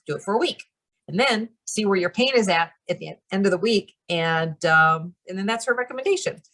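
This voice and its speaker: A woman's voice: medium pitch, lively intonation, fairly quick, fairly bright tone. Chatty woman explaining step by step. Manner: chatty, lots of "like" and "you know", laughs often. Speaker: member of a channeling practice group. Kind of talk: casual group chat.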